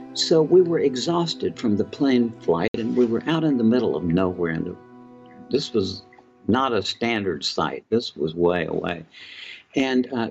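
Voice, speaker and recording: A middle-aged man speaks in a reflective, halting way as he tells personal stories for an interview. His voice has a gravelly fry. The recording is dull and lo-fi, with music playing beneath him. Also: medium pitch. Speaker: author and filmmaker guest. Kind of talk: storytelling in an interview. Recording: dull lo-fi sound with music underneath.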